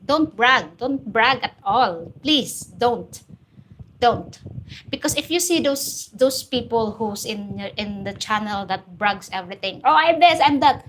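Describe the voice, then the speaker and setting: A woman's voice: on the high side, a bit bright, a little hiss or hum. A woman with a Filipino accent hosting a live stream, blunt and preachy as she answers viewer comments. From Philippines. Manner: blunt, preachy, straight-talking. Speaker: host.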